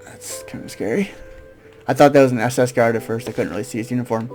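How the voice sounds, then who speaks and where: Man, gaming host, mid-pitched, soft off-hand asides, faint music behind. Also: fast. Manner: quiet, low-key asides. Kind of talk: playthrough commentary.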